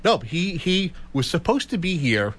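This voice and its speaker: A man's voice: high-pitched, measured pace. A man hosting a radio talk show in a studio, talking casually with many restarts. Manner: chatty, animated, frequent restarts.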